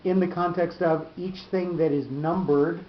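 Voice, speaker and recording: A Torah teacher leads a study session, explaining slowly in a halting way with many fillers and restarts, slowing down to spell out terms. His intonation is fairly even, and the room sounds dull and echoey with a faint rumble.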